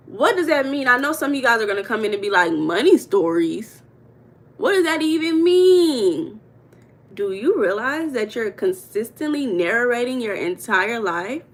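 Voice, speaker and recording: A woman's voice: mid-range voice, fairly bright tone. A woman from the United States hosting a casual livestream, greeting viewers by name and talking about money mindset in a chatty, playful way.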